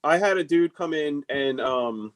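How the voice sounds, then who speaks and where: A man's voice: fairly high pitch, lively intonation, a little slow. A man hosting a casual podcast chat, blunt and emphatic, with heavy swearing. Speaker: podcast host, tattoo artist.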